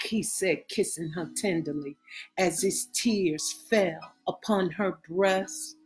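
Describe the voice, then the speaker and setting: Brief: woman audiobook narrator, very slow and measured, faint music underneath. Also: fairly low pitch, breathy edge. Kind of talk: reading a romance novel aloud.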